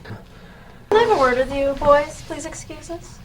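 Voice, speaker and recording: A woman's voice: high voice, animated, normal speed, rough recording. A woman hosting a horror show, flirty and theatrical in a campy sketch.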